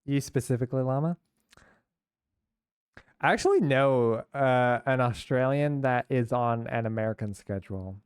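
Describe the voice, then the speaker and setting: A man's voice: mid-range voice, unhurried, pauses often, smooth, no room sound, clean studio sound. Chatty young man streaming a game. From San Francisco, US. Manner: chatty, rambling, reacts to chat with laughs. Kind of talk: casual live-stream chat while playing.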